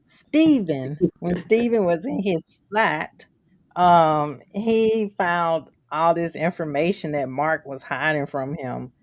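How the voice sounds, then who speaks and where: A woman co-hosting a podcast in relaxed casual chat with laid-back slang. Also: low-pitched, takes it slowly, few pauses, no room sound. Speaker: podcast co-host.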